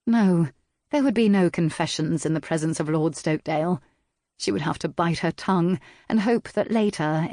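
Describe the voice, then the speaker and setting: A man narrating a historical romance audiobook in a measured, even reading. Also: sits high, no echo, studio quality. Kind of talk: scripted narration.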